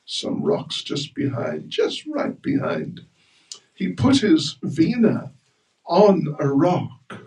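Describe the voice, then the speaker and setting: Slow, lively man telling a temple story. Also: a little high. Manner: lively, joking with the audience. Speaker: class speaker at a temple. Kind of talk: storytelling religious class. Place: temple hall. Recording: roomy hall, mic far off.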